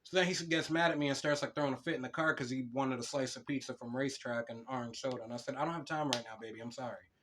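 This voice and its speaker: Young guy cohosting a podcast, swears constantly, tells stories all animated, normal middle voice. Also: medium pitch, racing, few pauses, slight background noise. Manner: swears a lot, animated storytelling. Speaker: podcast co-host. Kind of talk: casual podcast chat.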